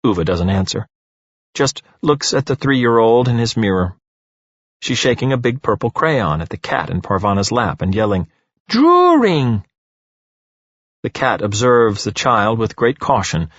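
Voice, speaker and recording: A man narrating an audiobook in an expressive, animated storytelling manner. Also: lowish voice, normal speed, dry recording, lo-fi sound.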